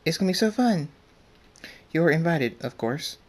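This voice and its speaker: Man putting on a bubbly pony girl, bouncy, raised voice, lifted pitch, story reading. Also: animated, normal speed. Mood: cheerful. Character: hyper bubbly young female pony.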